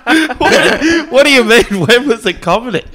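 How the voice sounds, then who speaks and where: A podcast co-host with a high, springy voice and some gravel in it. He throws dry, teasing jabs at his guest. His delivery stays light and casual. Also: expressive, normal speed, sharp tone.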